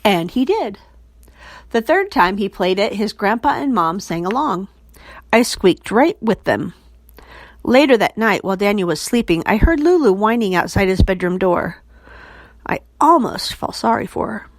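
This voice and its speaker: A woman reading a children's chapter book aloud in an expressive, animated way. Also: medium pitch, moderate pace, no room sound. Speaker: storybook reader.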